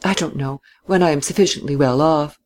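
A reserved young man answers in quiet, low, clipped replies, as a male reader voices him. His tone stays guarded and dry in this storybook telling. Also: a little fast, lightly acted.

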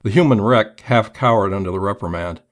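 A man narrating a crime story in a measured, steady audiobook reading. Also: fairly low pitch.

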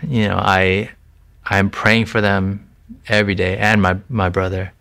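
A man's voice: low-pitched, flat delivery, a little slow, a bit bright. A man giving an earnest, conversational faith testimony in an interview, talking with frequent restarts and "you know". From Thai family background. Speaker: interview guest sharing his faith testimony.

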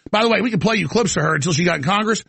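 Ranting talk show guy, gravelly husky voice, fired up, keeps restarting. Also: sits high, lively intonation, racing, a bit bright, no room sound. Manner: heated, rambling, stammering restarts. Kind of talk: ranting live commentary. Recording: live studio broadcast.

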